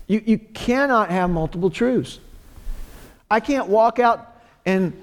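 A man with a high voice preaches to his congregation. He talks earnestly and repeats key phrases for weight. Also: a little mellow. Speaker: pastor. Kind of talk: sermon.

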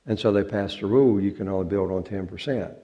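A man with a drawl speaks in a church, in a low-pitched and mellow voice. His talk to the congregation is folksy and joking, and he stretches out words for effect. He sounds like a pastor talking with his flock instead of preaching at them. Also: quick pace, muffled recording. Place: church sanctuary.

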